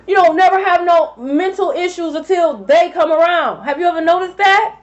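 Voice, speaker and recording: High-voiced, blunt tarot reader, woman. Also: normal speed. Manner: blunt, profane and animated, talking straight to viewers. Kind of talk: casual tarot reading for viewers. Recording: slightly dull lo-fi sound.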